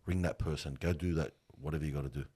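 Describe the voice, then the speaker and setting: This middle-aged man speaks low and deep, with a husky grain to his voice. He tells stories earnestly and with emphasis, in loose everyday slang. His tone is that of a guest sharing hard-won lessons from funeral work. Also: fairly even intonation, fast, warm tone. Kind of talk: heartfelt conversational storytelling.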